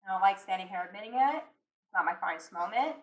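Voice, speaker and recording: A woman's voice: medium pitch, lively intonation, quick pace. A middle-aged woman giving a candid, conversational talk to a small live audience and acting out the voices she quotes. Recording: roomy, mic at a distance.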